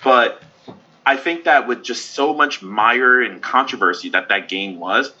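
A man co-hosting a gaming podcast, talking casually and ranting in animated asides. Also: medium pitch, a little slow, slightly rough. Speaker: podcast co-host. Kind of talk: casual chat. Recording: dull lo-fi audio.

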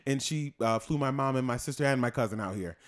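A man's voice: medium pitch, quick pace. Young man rambling with lots of fillers. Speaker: co-host. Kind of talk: casual chat.

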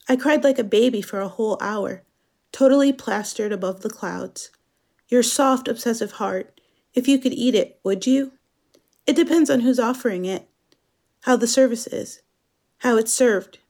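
A woman from Germany performing a scripted dramatic monologue as narrator, speaking in a slow, measured, introspective way. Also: a little high, darkish tone.

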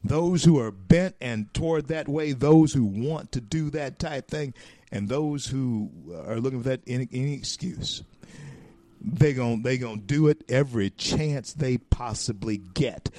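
A man from the United States hosting a talk show, delivering a folksy, preachy opinion monologue with drawn-out emphatic phrases. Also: mid-range voice, mellow, dry recording.

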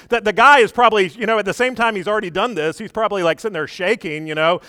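A man preaching a sermon, telling the story with lively shifts between loud quoted lines and quiet asides, and often asking his listeners questions. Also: high-pitched, fast talker, dry recording, studio quality.

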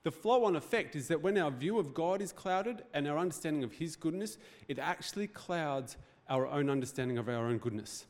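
A man gives a church sermon, talking in a loose, joking way and putting questions to the room. His voice sits a little high for a man. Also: lively intonation, a little fast, few pauses. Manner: conversational, joking preaching with rhetorical questions. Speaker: pastor. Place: church hall.

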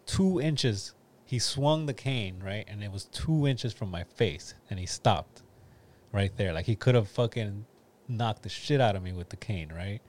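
A man's voice: fairly low pitch, unhurried, a little mellow. A man, telling a story in loose, profane casual chat.

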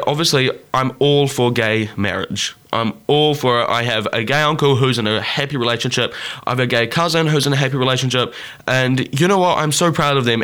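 A man hosting a solo podcast, talking earnestly and passionately and climbing higher in pitch when he gets worked up. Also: sharp tone, clean tone. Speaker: podcast host.

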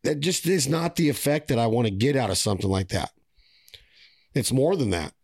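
A man's voice: medium pitch, lively intonation, fairly quick, a little mellow, slightly rough, dry recording, studio quality. A man hosting a casual podcast conversation. He speaks bluntly and with feeling, and throws in mild swearing. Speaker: podcast host.

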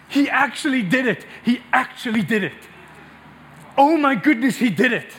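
A man preaching a passionate sermon to a church congregation, repeating phrases and building to near shouts. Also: very high-pitched, slight background noise. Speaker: pastor.

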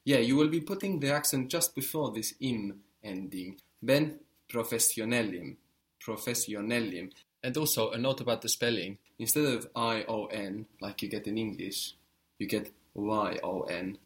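A man's voice: lowish voice, normal speed. A man teaching a language lesson, patiently modeling words and encouraging the learner.

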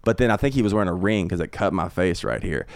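A man's voice: low voice, fast talker, gravelly, clean tone, no room sound, studio quality. A man, a comedian, telling a long profane story on a podcast, repeating himself as he goes. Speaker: comedian guest. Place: home podcast studio.

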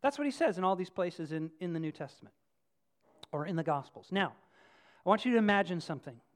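Casual, joking preacher at mid pitch. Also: fast. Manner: casual, joking, talks with the congregation; lively, stresses key phrases. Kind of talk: conversational sermon.

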